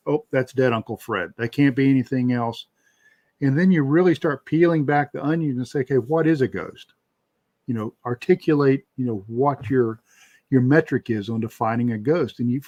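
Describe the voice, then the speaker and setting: Male guest, mid pitch, relaxed rambling delivery with lots of "you know", dry close mic. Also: no echo. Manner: relaxed, rambling, many fillers. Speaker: paranormal researcher guest. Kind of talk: casual interview talk.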